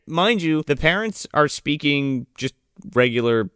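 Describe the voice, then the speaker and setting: A man's voice: medium pitch, a little slow, bright, forceful tone, clear, resonant tone, no room sound, clean studio sound. A man co-hosting a podcast, chatting casually and profanely about a movie, acting out characters in funny voices. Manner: profane, jokey, acts out characters. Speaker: podcast co-host. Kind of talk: casual movie-riffing chat.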